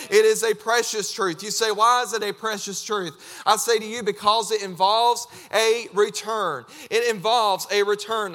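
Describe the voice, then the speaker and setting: A man preaching a fervent sermon, emphatic and repetitive, breaking into shouts. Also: high voice.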